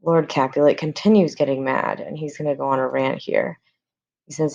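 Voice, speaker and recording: A woman's voice: low voice, steady tone, moderate pace, gravelly, darkish tone, lo-fi sound. A woman teacher in a recorded lesson, paraphrasing a play in casual talk with many fillers.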